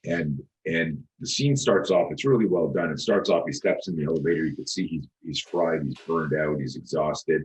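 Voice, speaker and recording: Very deep-voiced man, intense storyteller. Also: normal speed, hardly any pauses, rough recording. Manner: intense, repetitive, emphatic. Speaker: self-defense teacher, guest. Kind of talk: casual podcast storytelling.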